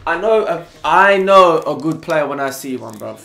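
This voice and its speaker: A young man with a London accent reacting to a football match live, excitable and full of slang, yelling at the players. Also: fairly high pitch, moderate pace, gravelly, reverberant. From England. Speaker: football fan reaction channel host. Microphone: desktop USB mic.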